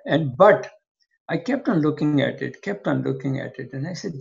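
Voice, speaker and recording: Gravelly older man telling a story. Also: fairly high pitch, moderate pace. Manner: animated storyteller acting out both sides of old conversations. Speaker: physician guest. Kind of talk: interview storytelling. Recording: dull lo-fi sound.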